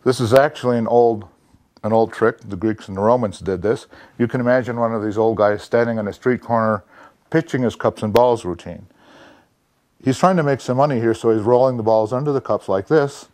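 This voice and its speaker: A man performing a magic routine and explaining it to viewers as he goes, with relaxed and chatty showman's patter. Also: medium pitch, fairly quick, no room sound.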